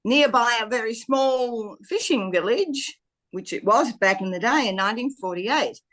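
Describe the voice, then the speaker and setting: A woman's voice: fairly high pitch, expressive, normal speed, fairly bright tone. An Australian woman in her seventies, a podcast guest telling her life story in a plainspoken way. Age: 70s. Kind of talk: casual interview chat.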